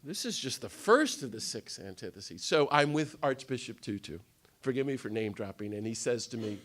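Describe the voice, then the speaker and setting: A man giving an animated storytelling talk to a gathering, fast and excitable, with a theatrical delivery. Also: medium pitch, gravelly. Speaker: speaker at a nonviolence day. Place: indoor gathering room.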